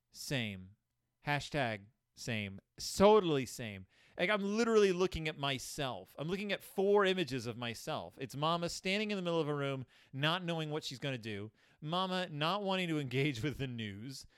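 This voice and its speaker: A man's voice: fairly high pitch, smooth, no echo, clean studio sound. A young man giving sarcastic, comedic commentary on a children's book, jumping into voices. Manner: sarcastic, animated, puts on voices. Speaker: host reviewing a children's book.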